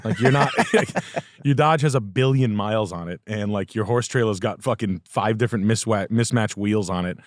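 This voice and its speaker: A man's voice: lowish voice, moderate pace, dry recording. A man hosting a podcast, telling crude, rambling stories full of vulgar jokes into a studio mic. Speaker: podcast host. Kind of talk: casual podcast chat. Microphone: studio podcast mic on an arm.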